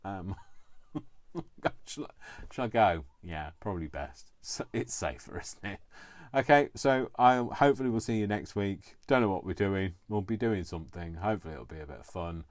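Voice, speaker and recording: A man's voice: low voice, animated, fairly quick, no echo. A man signing off a casual crafting vlog from his kitchen, rambling and jokey with lots of fillers, affectionate toward his viewers. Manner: rambling and chatty with many fillers. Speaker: crafting vlogger. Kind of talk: casual live-stream sign-off chat. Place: home kitchen, indoors.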